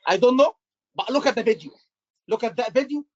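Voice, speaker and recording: A man teaching an exam class live, animated and repetitive, acting out doctor lines for his students. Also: extremely high pitch, fairly quick. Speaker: exam tutor. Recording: muffled lo-fi class recording.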